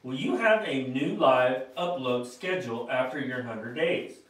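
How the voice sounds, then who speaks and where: A man's voice: mid-range voice, expressive, a little slow, a bit bright. A man from the United States acting as the show's coordinator, reading viewer comments aloud in an easygoing, joking way. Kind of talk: casual live-stream chat. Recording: distant echoey mic.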